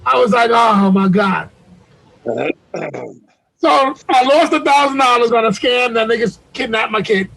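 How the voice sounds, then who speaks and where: Speaking unhurriedly with long pauses, this man has an extremely high, creaky, slightly bright voice, and the audio is poor. A podcast co-host on a video call, he gives a heated, profane account of a story and acts out people's quotes.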